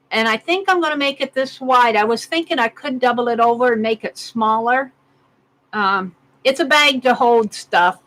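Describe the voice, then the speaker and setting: Woman, 60s, craft-stream host, chatty and giggly, slightly high voice. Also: fairly bright tone, low-quality recording. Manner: chatty, giggly, reads out comments. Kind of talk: casual chat with live viewers. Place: home craft room.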